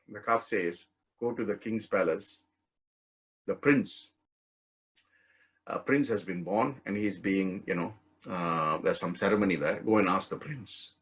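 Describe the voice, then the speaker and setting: A man teaching an online spiritual study course, telling a story in a relaxed way and laughing often. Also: low-pitched, measured pace, long pauses, husky, low-quality recording. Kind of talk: storytelling talk. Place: online class session.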